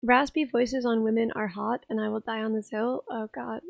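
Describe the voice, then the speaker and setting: Young female streamer, hoarse and rough, slightly high, giggly casual chatter, dry sound. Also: fairly even intonation, moderate pace, dry recording, dull audio. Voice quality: rough, raspy voice. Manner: chatty, giggly, reads chat aloud. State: hoarse, tired voice. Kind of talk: casual live-stream chat.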